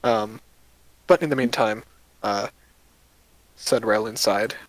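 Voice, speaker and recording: A man with a mid-pitched voice narrates a tabletop game casually, rambling and filling pauses with ums and uhs. He sounds close to the mic in a dry, dead space. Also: no echo, poor audio. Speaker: game master.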